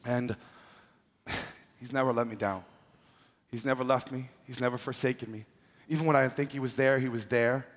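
A man preaches with a relaxed, humorous, slangy delivery and a middle-range voice. His words carry a long, ringing reverb from a large church hall. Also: medium pitch, moderate pace, long pauses. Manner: casual, joking, slangy preaching. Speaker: pastor. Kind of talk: sermon.

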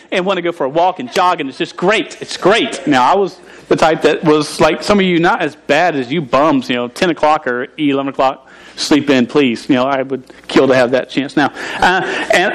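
A man in his thirties preaching a sermon to a congregation, telling a personal story with humor, animated and stammering at times. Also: fairly high pitch, rough recording. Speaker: pastor.

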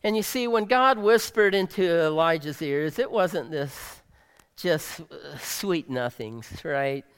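A male pastor delivering a sermon, swinging dramatically between loud emphasis and soft near-whispers. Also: on the high side, lively intonation, slow, smooth, long reverb tail.

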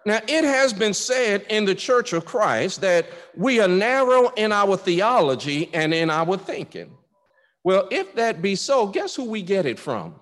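A man preaching in a church, his voice high and swooping with lively rises and falls. He talks to the congregation in a conversational way, doubling words as he starts a thought, and the sound rings with a long hall reverb. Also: a little slow. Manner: repeats words when starting phrases, conversational and emphatic. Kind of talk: sermon.

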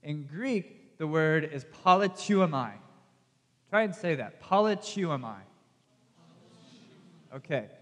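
A man's voice: fairly high pitch, expressive, slow, a bit bright. Chatty Southern man preaching in a hall. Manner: chatty, self-deprecating, direct questions to the audience. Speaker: youth pastor. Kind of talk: casual conversational sermon. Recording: long reverb from a hall.

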